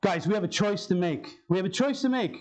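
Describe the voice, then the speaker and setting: Male pastor, high voice, casual preaching style that repeats key lines. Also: lively intonation, fairly quick, darkish tone, rough recording. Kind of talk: sermon. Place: church sanctuary.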